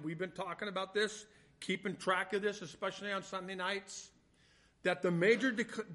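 A man preaching a sermon, reading scripture slowly and swinging between loud, stressed points and quiet asides. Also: high-pitched. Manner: reads scripture slowly and deliberately. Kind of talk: sermon, Bible teaching.

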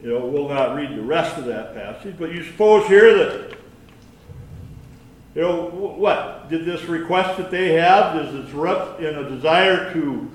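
A man giving a conversational sermon with scripture reading, folksy and halting, with many restarts and asides. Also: fairly high pitch. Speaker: lay preacher. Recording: echoey room from far off.

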